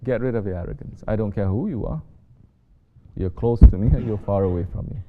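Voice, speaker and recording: A sheikh giving a sermon, mostly soft-spoken and rising to sharp emphasis when he scolds. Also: lowish voice, expressive, a little fast. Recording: dull lo-fi recording with faint noise.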